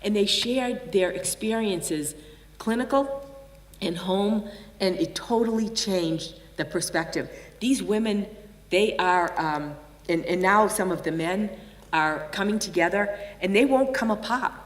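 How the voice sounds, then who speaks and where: A woman's voice: mid-range voice, measured pace. An older woman from the United States giving a conference keynote, telling stories and acting out the voices of the people in them. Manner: animated storyteller acting out quoted voices. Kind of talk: storytelling keynote talk. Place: large conference hall. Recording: distant mic in a reverberant hall.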